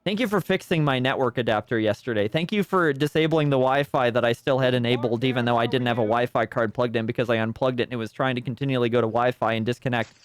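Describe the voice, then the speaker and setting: A man's voice: mid-range voice, fast, hardly any pauses, clear, resonant tone. A man streaming a detective game, rambling and sarcastic in casual commentary at a desk microphone.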